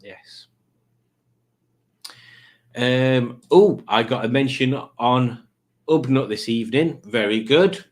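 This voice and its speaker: A man's voice: medium pitch, slow pace, pauses often. Rambling man streaming live. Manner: rambling, jokey, waffling with many restarts. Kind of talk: casual live-stream chat, reading viewer comments.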